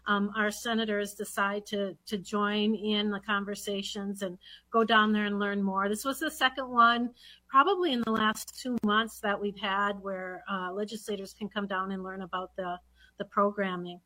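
Minnesota woman lawmaker chatting, bright clear voice, lots of ums. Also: mid-range voice, steady tone, moderate pace. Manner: rambling with many fillers and restarts. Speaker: state legislator. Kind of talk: casual conversation.

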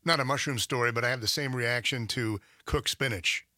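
A man's voice: mid-range voice, brisk, pushed and bright, no room sound, clean studio sound. A male co-host speaking in a plain, matter-of-fact way during casual chat.

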